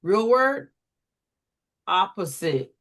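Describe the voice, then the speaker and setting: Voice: sing-song, fairly bright tone. A reading tutor leads a phonics drill, prompting each word in turn, spelling it out letter by letter and giving examples, with short asides that explain the method to other tutors. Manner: slow, deliberate call-and-response prompting; steps aside to explain in a lower, quicker voice.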